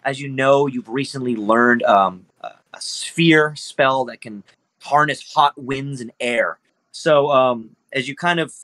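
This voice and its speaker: A man's voice: medium pitch, fairly bright tone, no room sound. A man narrating as game master of a tabletop game, rambling loosely with lots of fillers and easy laughs.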